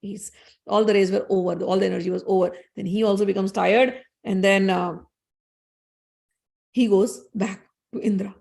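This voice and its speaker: A woman's voice: mid-range voice, steady tone, normal speed, creaky, pauses often, a little mellow. A woman casually retelling a sacred story, conversational with restarts.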